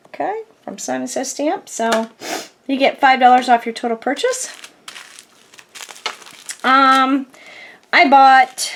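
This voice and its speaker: Casting note: bubbly high woman crafter, casual rambling vlog chat, laughs often, sore back. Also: slight background noise. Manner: rambling, giggly, frequent fillers. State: sore back, groans a little. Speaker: crafting vlogger. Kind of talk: casual chatty haul video.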